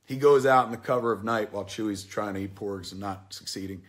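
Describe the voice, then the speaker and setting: A man's voice: fairly low pitch, brisk. A man in his forties giving a casual spoken movie review, rambling and heartfelt, with plenty of swearing. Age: 40s. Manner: rambling, profane, heartfelt storytelling. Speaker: film reviewer.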